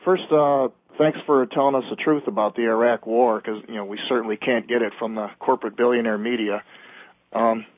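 A male economist calls in to a talk radio show, eager and persuasive as he argues his point. His mid-pitched voice comes through a dry, tinny phone line. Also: steady tone, a little fast, dry recording. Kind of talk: phone-in conversation.

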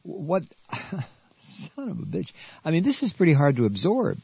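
A man rants on the radio in a lively, swooping voice that climbs into shouts. His tone is a little husky and he stumbles over his words. The sound is dull and dry. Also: a little high, moderate pace, dry recording. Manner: angry, stammering, shouting outbursts. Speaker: radio talk host. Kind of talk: political rant.

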